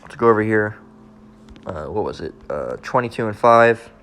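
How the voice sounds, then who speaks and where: A man preaching in a blunt, confrontational way, repeating his points and reading scripture slowly and deliberately. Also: lowish voice, lively intonation, fairly bright tone, a little hiss or hum. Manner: blunt, repetitive, keeps asking "all right?"; reads verses slowly and deliberately. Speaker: street preacher.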